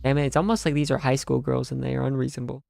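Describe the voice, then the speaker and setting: A young man with a gravelly, fry-edged voice, ranting and joking in loose slang. He sounds tired and half asleep, with faint music playing underneath. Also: mid-range voice, little pitch movement, very fast, darkish tone, dry recording, clean studio sound. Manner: rambling, sarcastic, slangy, full of fillers. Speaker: streamer reacting to a game story. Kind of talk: casual rambling commentary.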